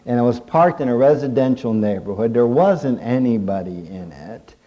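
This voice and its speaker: A middle-aged male preacher with a warm, mellow voice. He delivers his sermon in a folksy storytelling way, working jokes in as he goes. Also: medium pitch, lively intonation, normal speed, muffled recording. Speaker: pastor. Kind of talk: humorous sermon.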